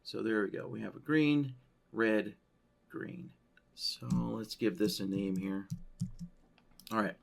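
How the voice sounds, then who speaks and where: A man walking through a trading-software tutorial on a screen share, thinking aloud and checking in with "right?" as he goes. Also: on the low side, takes it slowly, gravelly, pauses often. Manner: loose, thinking aloud, frequent "right?" tags. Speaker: software trainer.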